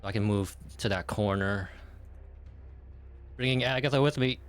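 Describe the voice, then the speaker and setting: A man's voice: lowish voice, moderate pace, clear, resonant tone, faint music behind. A man playing in a tabletop game, chatty and laughing often, thinking aloud about his moves. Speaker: player. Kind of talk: casual tabletop play.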